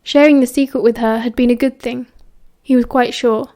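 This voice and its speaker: A woman with a British accent narrating an audiobook in a steady, even storytelling voice. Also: fairly high pitch, moderate pace. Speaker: audiobook reader.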